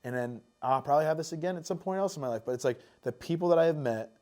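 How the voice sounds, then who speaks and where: A man's voice: on the high side, animated, very fast, warm tone. A man chatting casually as a podcast guest, rambling with lots of fillers and swearing freely. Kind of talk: casual chat.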